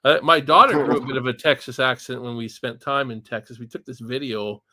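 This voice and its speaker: A man's voice: medium pitch, brisk, sharp tone, no room sound. Rambling, chuckling Canadian man host. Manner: rambling, chuckling, many restarts. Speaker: podcast host. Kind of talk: casual livestream chat.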